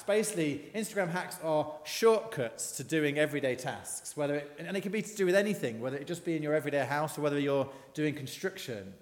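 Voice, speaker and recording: In a church, a preacher delivers a conversational sermon, putting questions to the congregation as he goes. His voice sits on the high side, and the sound carries the feel of a big room.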